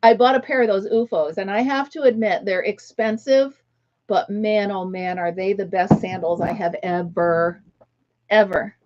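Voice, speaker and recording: A chatty middle-aged woman hosts a relaxed livestream from home, laughing often and greeting viewers by name. Her voice sits at an ordinary pitch, and the audio is a little dull and lo-fi. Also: moderate pace. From United States. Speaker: livestream host. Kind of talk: casual chat.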